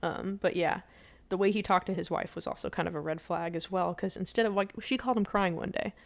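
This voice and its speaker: A woman's voice: fairly low pitch, steady tone, fairly quick, gravelly. A young woman talks casually from her bed while she plays a game for her vlog. She tells a rambling story, restarting her sentences and slipping into the voices of the people she quotes. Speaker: gaming vlogger. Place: in bed at home.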